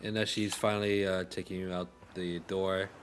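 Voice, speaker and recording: A man's voice: sits low, level tone, moderate pace, background noise. A man narrating as game master in a tabletop game, casual and full of "like" fillers.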